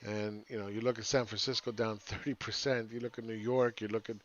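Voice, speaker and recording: Man, market analyst, live chart commentary, casual, rambling, low voice, dull lo-fi audio. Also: flat delivery, a little fast. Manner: casual, rambling, keeps asking "right?".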